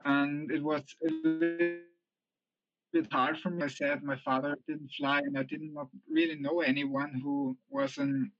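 Austrian man, slightly high, dry lo-fi sound. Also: expressive, vocal fry, dry recording, faint music behind. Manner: measured, hesitant with many ums. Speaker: guest, aerobatics model pilot. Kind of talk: casual podcast interview.

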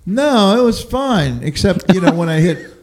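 A man in a casual podcast chat, making relaxed, short remarks. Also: high-pitched, normal speed.

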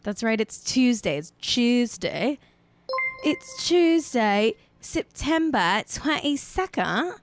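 A woman's voice: a little high, sing-song, takes it slowly, music in the background. A woman hosting a casual live-streamed show, joking around and riffing playfully. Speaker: show host.

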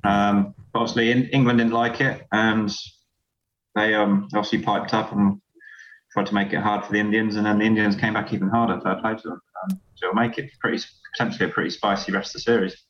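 A man's voice: fairly low pitch, level tone, a bit bright, dull audio. A man in his thirties with a Yorkshire accent, a professional cricketer talking casually and matter-of-factly. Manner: quick, matter-of-fact. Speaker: county cricketer guest. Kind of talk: casual podcast chat.

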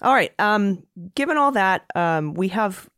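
A woman's voice: mid-range voice, lively intonation, measured pace, a bit bright, smooth, no room sound, clean studio sound. A woman hosting a political podcast in casual chat, wry and sardonic, with frequent fillers. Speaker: podcast host.

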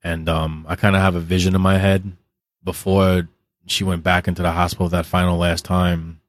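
A man's voice: deep voice, level tone, moderate pace, dry recording, clean studio sound. A man as a podcast guest, telling candid stories in a blunt, heavily profane, vivid way. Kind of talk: candid interview storytelling.

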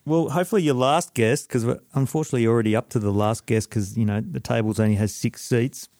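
A man hosting a podcast, chatting and telling stories quickly, often apologising for interrupting. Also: medium pitch, darkish tone, no room sound, clean studio sound. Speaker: podcast host. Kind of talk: casual chat and storytelling.

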